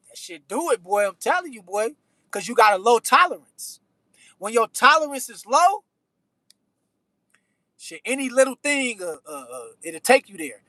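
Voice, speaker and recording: Man, high pitch, bright tone, dry close sound, slangy preachy livestream chat. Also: big pitch swings, normal speed, no echo. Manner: slangy, preachy life advice, repeats phrases. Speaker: livestream host reading chat. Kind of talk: casual chat.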